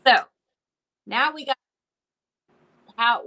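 A woman's voice: a little high, measured pace, sharp tone, low-quality recording. A woman hosting a casual live-streamed talk about her daughter, speaking in a rambling way with many restarts. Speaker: host, mother.

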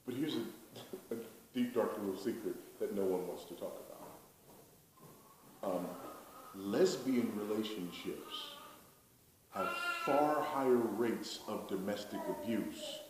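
A man's voice: lowish voice, animated, slow. A man from the United States preaching a sermon in an emphatic, rhetorical way, repeating his key lines. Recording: very echoey hall, distant mic, faint noise.

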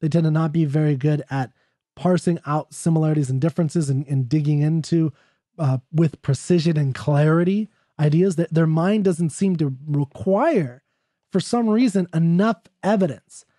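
Excitable man lecturing on poetry. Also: a little high, normal speed, no echo, studio quality. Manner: excitable, talky, reads quotes aloud. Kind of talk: off-the-cuff lecture.

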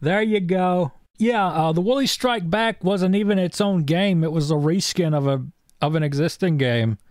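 A man's voice: high-pitched, normal speed, darkish tone, dry recording, clean studio sound. A young man streaming a video game, delivering sarcastic, profane, wisecracking commentary as he plays. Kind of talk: let's-play commentary.

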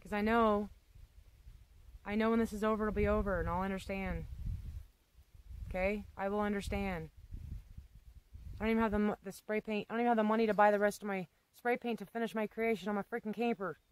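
A woman's voice: mid-range voice, fairly even intonation, brisk, pauses often, clear, resonant tone, poor audio. A woman vlogger ranting casually to camera, blunt and rambling, with casual swearing and emphatic asides. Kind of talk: casual unscripted rant to camera.

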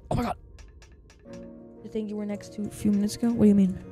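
On a live game stream, a youthful-sounding man with a high voice chats casually with his viewers at a quick pace, now and then erupting into loud, excited outbursts. Faint music plays in the background.

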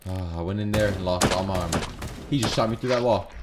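A man giving live gameplay commentary, trash-talking and swearing, swinging between low muttering and sudden shouts. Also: quick pace, very noisy. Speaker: gaming YouTuber. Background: faint keyboard clicks and typing.

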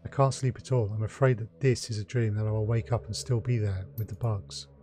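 A man doing a sleepless haunted elf girl, frightened and resentful, mellow low voice. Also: fairly even intonation, brisk, close to an everyday voice. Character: young haunted female elf, sleepless and bitter.

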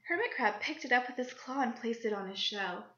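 A woman reading a children's picture book aloud with lively character voices and little asides to young listeners. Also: a little high, a little fast. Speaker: children's story reader. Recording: lo-fi recording in an echoey room.

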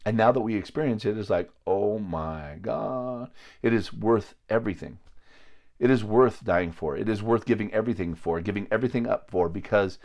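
A man's voice: on the low side, fairly quick, darkish tone. A man preaching informally to a small group, blunt and confrontational, at times crude, rambling with restarts. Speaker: lay preacher.

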